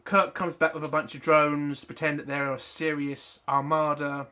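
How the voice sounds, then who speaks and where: A man's voice: fairly high pitch, level tone, normal speed, bright, forceful tone. A man giving a blunt, exasperated TV review, full of swearing and frustration. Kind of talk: ranting review monologue.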